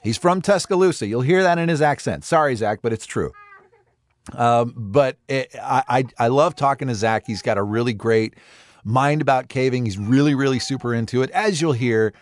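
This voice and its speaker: A man's voice: medium pitch, moderate pace, dry recording. A man hosting a podcast, talking in a chatty, enthusiastic and rambling way. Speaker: podcast host. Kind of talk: casual podcast talk.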